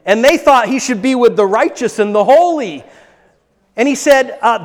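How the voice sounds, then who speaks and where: A pastor giving an emphatic sermon, repeating words for stress, in a church. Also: male voice, very high voice, expressive, moderate pace. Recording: long hall reverb.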